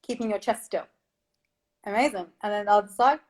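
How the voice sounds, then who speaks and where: A woman's voice: medium pitch, a little fast. A woman vocal coach guiding listeners through breathing exercises, encouraging and instructive, laughing often.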